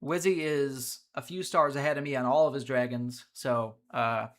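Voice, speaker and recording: A man hosting a live gameplay stream, energetic and chatty, talking to his viewers as he plays. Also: mid-range voice, moderate pace. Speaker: streamer, host.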